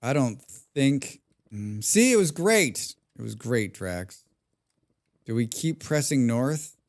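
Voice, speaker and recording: Excitable man streaming a survival game. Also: medium pitch, takes it slowly. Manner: excitable, talks to himself, hums and mutters while playing; swears often. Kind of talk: live gameplay commentary.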